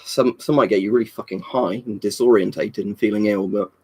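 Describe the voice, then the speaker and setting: A man's voice: on the low side, fairly even intonation, fairly quick, a little mellow, breathy edge. A young man chatting casually on a live stream, rambling, swearing freely and answering viewers' comments. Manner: rambling, swears a lot, reads and answers chat.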